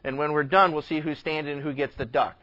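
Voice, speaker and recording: A man voicing a stubborn rural male farmer in a joke, speaking in a flat, matter-of-fact way. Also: a little high, fast. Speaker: pastor telling a joke. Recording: dull lo-fi recording.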